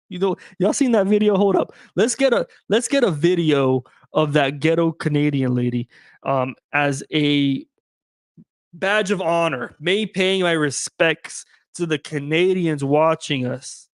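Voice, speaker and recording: A man's voice: a little high, lively intonation, a little slow, no room sound, clean studio sound. A man hosting a sports podcast alone, chatting casually and joking with his listeners in slang. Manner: loose, slangy and joking, addresses listeners directly. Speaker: podcast host.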